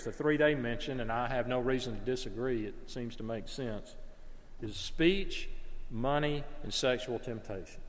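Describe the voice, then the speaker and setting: A man's voice: medium pitch, long reverb tail. A man preaching a sermon in an earnest, conversational way, sometimes stopping to correct himself. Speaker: pastor.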